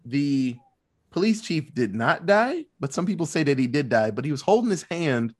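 A man in casual chat retelling a movie plot, animated and loose, swearing freely. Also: on the high side. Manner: animated, swearing, quick asides.

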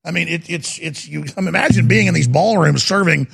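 A man hosting a call-in radio show, talking in a forceful, emphatic way and agreeing loudly with callers. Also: on the high side, fairly quick. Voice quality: gravelly, raspy. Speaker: radio talk show host.

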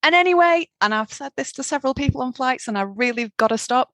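A middle-aged woman from England, co-hosting a podcast and telling travel stories in an animated, chatty way. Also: a little high, quick pace, hardly any pauses, no echo. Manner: animated, laughing, acts out quoted voices. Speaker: podcast co-host. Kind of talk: casual chat, storytelling.

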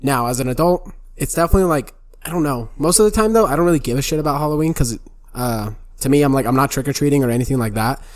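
A man's voice: medium pitch, quick pace. A young man co-hosting a podcast, telling loose, profane stories and saying "bro" and "dude". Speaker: podcast co-host. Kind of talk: casual chat.

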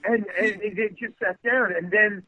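A man's voice: high voice, unhurried, slightly rough. An older man, a guest actor, telling stories in a podcast interview, rambling and acting out the people in them. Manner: rambling, animated, acts out the people in his stories. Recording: dry tinny phone-like line.

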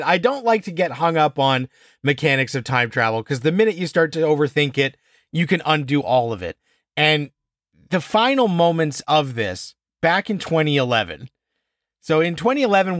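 Animated man with a lively, swinging pitch. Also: no room sound, studio quality. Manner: animated, exasperated, swears freely, acts out scenes. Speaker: podcast co-host reviewing a TV episode. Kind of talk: casual chat.

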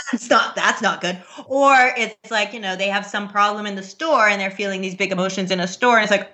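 A woman in her thirties in casual conversation about parenting, earnest and quick to laugh, with many restarts. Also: mid-range voice, pushed and bright. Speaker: parent guest. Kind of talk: casual podcast chat.

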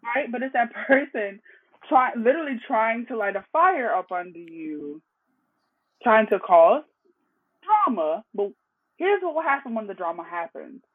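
A woman's voice: fairly high pitch, a little slow, husky. Woman therapist on a tinny phone line. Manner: animated, tags points with "right?". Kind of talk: casual explanatory chat.

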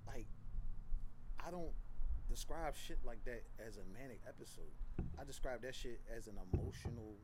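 A man's voice: mid-range voice, animated, moderate pace, heavy background noise. A young man guest on a podcast, telling a personal story in a casual, slangy and heavily profane way. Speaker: podcast guest, fashion entrepreneur.

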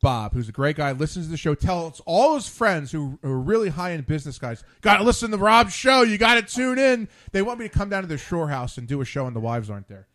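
A man's voice: fairly high pitch, big pitch swings, quick pace, few pauses. Rambling male talk-show host. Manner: rambling, restarts and tangents. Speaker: podcast host. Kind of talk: casual late-night chat.

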